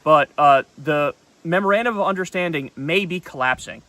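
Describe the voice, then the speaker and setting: A male political host delivers solo commentary in a blunt, heated manner with frequent profanity. His voice sits a little high and sounds bright and sharp. The recording is dry and close, with no room echo. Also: moderate pace. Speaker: political talk show host.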